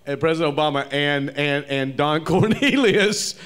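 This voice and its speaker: A male host interviewing a guest on a comedy theater stage, halting through many false starts and restarts. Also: on the high side, a bit bright, clean tone. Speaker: interview host, club owner. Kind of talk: live interview.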